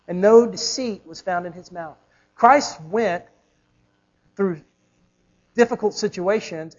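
A man's voice: high-pitched, a little mellow, highs cut off. A man preaching a sermon as a pastor, emphatic, with rhetorical questions and repetition.

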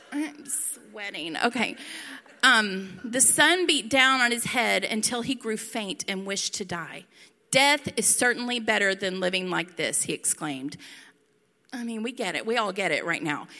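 Middle-aged woman preaching, bright forceful voice, laid-back and jokey, long echo from a big hall. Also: on the high side. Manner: casual, chatty, with playful asides and laughter. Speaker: pastor. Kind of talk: sermon. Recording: reverberant hall.

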